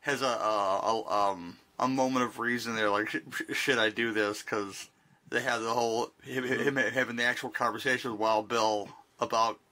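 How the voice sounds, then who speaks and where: A man's voice: medium pitch, fairly even intonation, normal speed, pushed and bright. A man co-hosting a podcast, chatting casually about a movie, rambling with frequent restarts. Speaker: podcast co-host. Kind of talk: casual movie-discussion chat.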